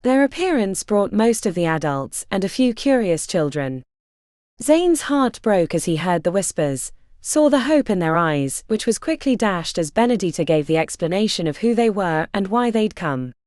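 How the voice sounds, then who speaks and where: An expressive female narrator performs a scripted fantasy story in a mid-range voice at normal speed. The recording is clean studio sound without any room ambience.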